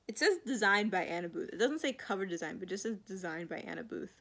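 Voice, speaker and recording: A woman chatting casually to camera as a book vlogger, gushing and excitable, full of fillers, restarts and casual swearing. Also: medium pitch, fast, creaky.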